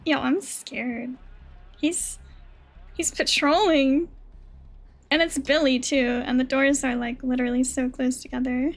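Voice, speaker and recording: A woman streaming a game live, chatting with teammates in an excitable way, swearing and squealing. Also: sits high, measured pace, pauses often. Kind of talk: live gameplay chat with teammates.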